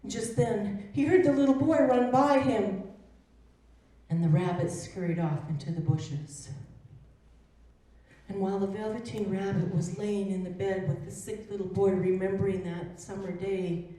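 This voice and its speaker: Slow, gentle woman storyteller in echoing hall. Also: medium pitch. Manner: slow, gentle, expressive narration. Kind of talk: live storytelling. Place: performance hall. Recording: roomy echo from a distant mic.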